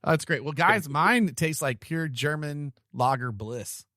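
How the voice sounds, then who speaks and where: A man co-hosting a casual podcast, joking and animated as he chats about beer and football. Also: on the high side, measured pace, dry recording, clean studio sound. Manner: jokey, animated, laughs often. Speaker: podcast co-host. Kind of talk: casual chat.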